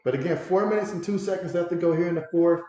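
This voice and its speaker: Excitable man calling a game, echoey. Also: high voice, fast. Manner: excitable, reads viewer comments aloud. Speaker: livestream host doing play-by-play. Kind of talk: casual play-by-play commentary and chat. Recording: very echoey room.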